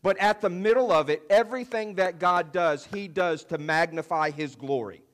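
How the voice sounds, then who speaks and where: Conversational preacher man, slightly high voice. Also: moderate pace, fairly bright tone. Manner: conversational, repeats "you know", emphatic swells on key phrases. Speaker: pastor. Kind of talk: sermon.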